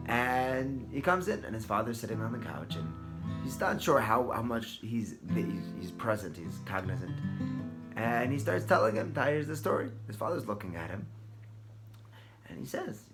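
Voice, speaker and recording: A man's voice: on the low side, moderate pace, pauses often. Man telling a story over guitar. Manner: animated, restarts and repeats words, drops to hushed tones. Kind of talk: telling a Torah thought and story. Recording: guitar music under the voice.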